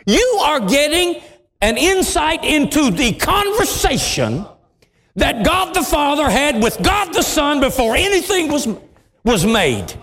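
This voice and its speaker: Impassioned high-voiced preacher in a reverberant hall. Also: male voice, huge pitch swings, unhurried, a bit bright. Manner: impassioned, dramatic swings into deep voices. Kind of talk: sermon.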